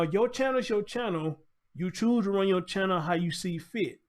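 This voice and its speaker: A man with a notably high voice hosts his own commentary show, venting in a blunt, heated rant full of swearing. He keeps circling back to the same points and talks straight to his audience. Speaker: show host.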